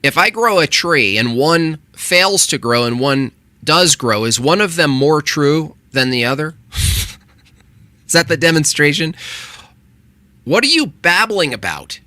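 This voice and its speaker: Heated male reaction host, swears a lot, bright and sharp-edged voice. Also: fairly high pitch, big pitch swings, a little slow, no room sound. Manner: combative, swearing, exasperated. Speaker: channel host reacting to a video. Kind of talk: heated casual reaction commentary.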